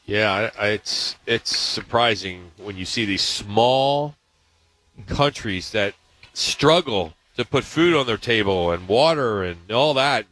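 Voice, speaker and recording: A man hosting a sports radio show, running through news items in a brisk, upbeat way. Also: on the low side, animated, fairly bright tone, no room sound, rough recording. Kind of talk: casual sports talk.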